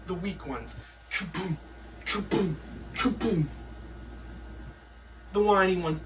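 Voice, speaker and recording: A woman's voice: fairly low pitch, measured pace, fairly bright tone, far from the mic, slight background noise. A woman performing a comic recital of poems in a mock-stern, theatrical teacher's tone.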